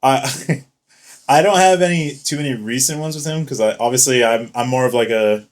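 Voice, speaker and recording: A man's voice: medium pitch, normal speed. A young man co-hosting a podcast, telling stories in a casual, profane, laughing way. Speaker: podcast co-host. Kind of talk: casual chat.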